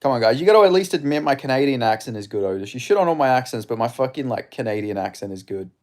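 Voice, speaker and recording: A man's voice: medium pitch, expressive, quick pace, darkish tone. A man with an Australian accent, from Perth, casually commentating a live fight stream, laid-back and swearing freely as he chats with viewers. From Perth, Western Australia. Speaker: streamer hosting a live fight watch-along.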